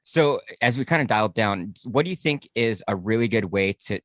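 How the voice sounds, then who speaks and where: A male podcast host with a fairly low voice talks in an easy, conversational way, dropping in a casual curse and steady murmurs of agreement. The recording is dry and close-miked. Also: fairly quick, no room sound. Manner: relaxed, conversational, occasional swearing, frequent "mm-hmm" backchannel.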